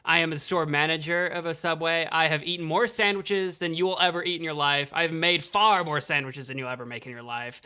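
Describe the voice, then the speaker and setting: Young male podcast co-host, bright tone, jokey casual banter. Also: a little high, brisk, few pauses, clean tone. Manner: playful, jokey, laughs often. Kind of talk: casual chat.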